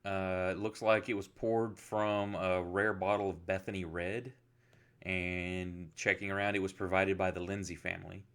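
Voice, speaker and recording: Low-voiced man running a tabletop game. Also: flat delivery, a bit bright. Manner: casual, halting, many restarts. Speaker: game master.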